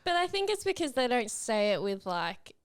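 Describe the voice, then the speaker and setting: A woman's voice: on the high side, big pitch swings, normal speed, smooth. A young woman co-hosting a podcast in casual chat, answering with short, dry, matter-of-fact quips. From Australia. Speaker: podcast co-host.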